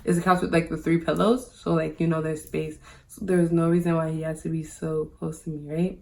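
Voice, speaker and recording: Her voice is low, creaky, and warm, with little pitch variation, and she talks briskly. The speaker is a woman vlogger recounting something personal to her viewers in a relaxed monologue, saying "like" constantly.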